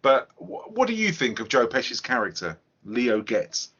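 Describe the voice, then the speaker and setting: A man's voice: medium pitch, big pitch swings, normal speed, pushed and bright, slightly rough. A man hosting a casual film review podcast, talking in a chatty, hesitant way. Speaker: podcast host. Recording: lo-fi podcast audio.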